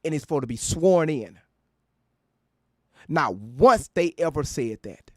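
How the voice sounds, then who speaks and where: A man's voice: a little high, expressive, a little slow, a bit bright, no echo, studio quality. Profane, mocking male commentary host. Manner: profane, mocking, laughs often. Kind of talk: casual reaction commentary.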